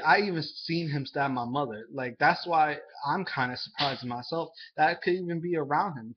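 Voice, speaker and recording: A young man telling a personal story to the camera in a halting, earnest way, full of fillers and restarts. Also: on the high side, breathy edge. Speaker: vlogger. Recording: dull lo-fi sound.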